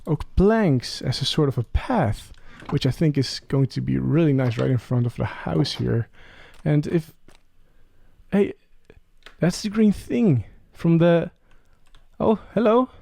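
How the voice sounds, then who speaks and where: Chatty young man with a gravelly voice. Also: on the high side, a little slow. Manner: chatty, talks to game creatures, excited rising questions. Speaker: Let's Play creator. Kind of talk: casual gameplay commentary.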